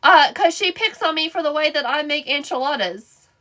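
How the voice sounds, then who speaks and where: Woman host, high bright voice, chatty live-stream crafter reading comments aloud. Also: moderate pace. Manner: chatty, answers viewer comments by name as she works. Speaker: wreath and decor crafter hosting a live stream. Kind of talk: casual live-stream chat while crafting.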